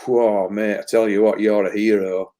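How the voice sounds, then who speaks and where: A man's voice: fairly low pitch, level tone, normal speed, mellow. A man as a guest on a live talk, musing at length about spiritual experience with many restarts. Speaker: spiritual guest and energy reader. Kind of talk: casual live conversation.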